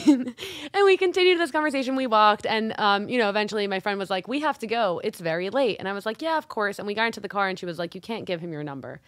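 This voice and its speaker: A woman's voice: mid-range voice, fast talker, dry recording. A young woman co-hosting a casual chat, telling stories and acting out the voices of the people in them. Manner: lively storyteller acting out quoted voices. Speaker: podcast co-host.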